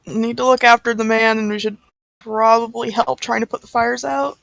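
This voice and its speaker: A woman's voice: a little high, little pitch movement, moderate pace, creaky, a bit bright, no room sound. A woman playing a tabletop game over a voice call, making laughing asides. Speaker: player. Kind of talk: casual tabletop play.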